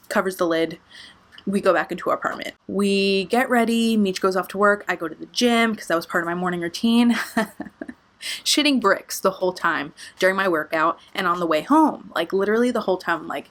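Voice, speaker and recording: Young woman, storytime vlogger; lively, swears casually, very expressive. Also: mid-range voice. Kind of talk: storytime vlog.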